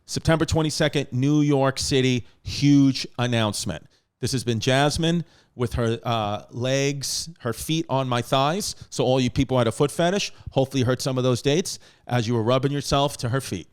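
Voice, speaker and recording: A man's voice: medium pitch, normal speed, clear, resonant tone. A man hosting a podcast in a casual, joking manner, rattling off dates and teasing his guest. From United States. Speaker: podcast host.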